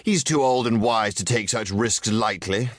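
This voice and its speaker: Man playing a raised-voice villain mastermind, calm, commanding, measured, dry sound. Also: fairly low pitch, no echo, voice pushed up, close to an everyday voice. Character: cool, commanding male villain mastermind, middle-aged.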